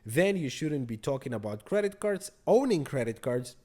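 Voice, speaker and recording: Host type: middle-aged man, mid-pitched, animated storyteller, exasperated asides to viewers. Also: normal speed. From abroad. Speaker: credit card channel host. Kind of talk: casual storytelling to camera.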